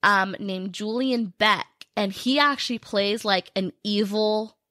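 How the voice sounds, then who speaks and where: A woman's voice: medium pitch, slow pace, sharp tone, no echo, clean studio sound. A woman podcast co-host, telling spooky movie stories in casual chat with many fillers.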